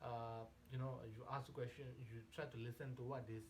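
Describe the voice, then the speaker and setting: In an echoey room, a man with a medium-pitched, level, slightly mellow voice coaches real estate agents through a Q&A, talking a little fast. He's emphatic and repetitive, often restarts sentences, and frequently ends lines with a questioning "right?".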